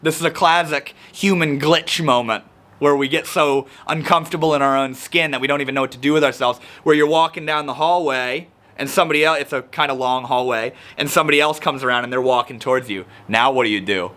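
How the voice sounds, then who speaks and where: Bright-voiced man, animated explainer. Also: medium pitch, brisk. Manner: animated, acts out quoted people. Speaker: self-help video host. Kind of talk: casual talking-to-camera explainer.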